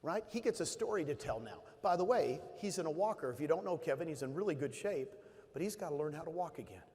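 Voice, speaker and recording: A man's voice: a little high, expressive, quick pace, a little mellow. A middle-aged man giving a motivational stage talk, telling stories with emphasis and repeating key phrases. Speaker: conference speaker. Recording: hall reverb.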